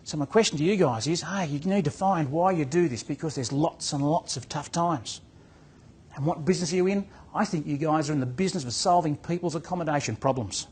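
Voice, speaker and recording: Husky man telling a story. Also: a little high, fairly quick, a little mellow. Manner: storytelling, acts out dialogue, repeats words. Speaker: business coach. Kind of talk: motivational talk to real estate agents.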